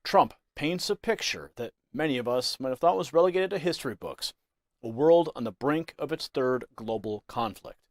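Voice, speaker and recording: A man's voice: mid-range voice, lively intonation, moderate pace, no room sound. A man presenting scripted news commentary with a dramatic, emphatic delivery.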